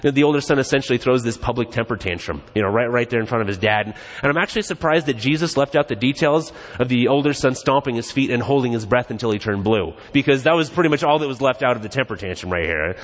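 A man's voice: medium pitch, expressive, fast, few pauses. A man preaching a casual, joking, conversational sermon in a church sanctuary. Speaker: pastor. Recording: long reverb in a church hall.

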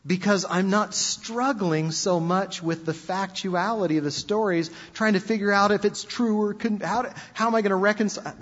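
A man preaching a sermon in an animated, conversational storytelling manner. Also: high voice, moderate pace, hardly any pauses. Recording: dull lo-fi sound with long hall reverb.

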